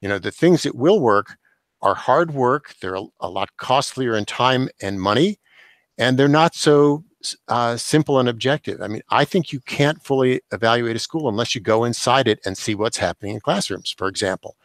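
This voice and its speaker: An older man speaks as an interview guest, laying out his points in a measured, explanatory way. His voice sits at an ordinary middle pitch. The sound is dry and close, with no room echo. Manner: measured, explanatory, occasional chuckle. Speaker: guest, education professor and author. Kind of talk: thoughtful interview answers.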